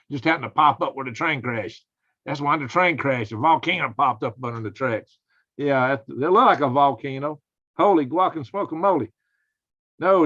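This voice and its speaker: A man's voice: on the high side, fairly bright tone. A man, hosting a casual live stream in a folksy, exclaiming way and chatting with viewers. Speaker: host. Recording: dull lo-fi sound.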